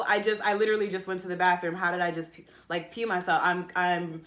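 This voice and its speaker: Woman vlogger, mid-pitched, talks in loose run-on bursts full of "like", earnest and emotional. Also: fairly even intonation, fairly quick, few pauses, fairly bright tone. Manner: rambling, emotional, many "like" fillers and restarts. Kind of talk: casual storytelling to camera.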